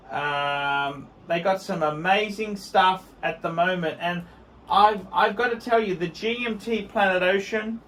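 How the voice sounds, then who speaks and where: Rambling, enthusiastic male reviewer with a bright, forceful tone. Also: high voice. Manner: enthusiastic, rambling, repeats words for emphasis. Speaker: watch reviewer. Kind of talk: casual video review.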